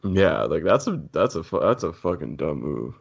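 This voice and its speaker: A man's voice: a bass voice, big pitch swings, moderate pace, creaky, husky. A man co-hosting a podcast, reacting with profane, laughing remarks. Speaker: podcast co-host. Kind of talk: casual chat.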